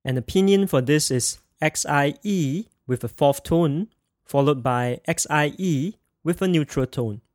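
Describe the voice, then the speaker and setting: A man teaching a pronunciation lesson, spelling sounds out and having the listener repeat each word after him with slow, careful enunciation. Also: on the high side, darkish tone, dry recording, studio quality. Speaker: language teacher.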